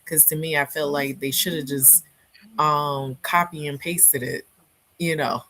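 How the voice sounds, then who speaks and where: Slow, low-voiced woman chatting about books. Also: steady tone, bright, forceful tone, poor audio. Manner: rambling, hesitant, many fillers. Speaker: book club member. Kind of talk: casual book chat.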